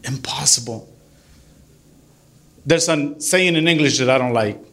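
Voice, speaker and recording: A middle-aged man who is a deacon, giving an earnest, animated church talk to a group and mixing English with Spanish. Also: medium pitch, measured pace.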